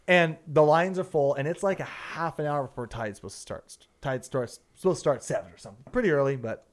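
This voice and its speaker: Animated young fishing guide, slightly high. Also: male voice, a little fast. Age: young adult. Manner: animated, swears often, acts out quotes. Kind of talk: casual podcast storytelling.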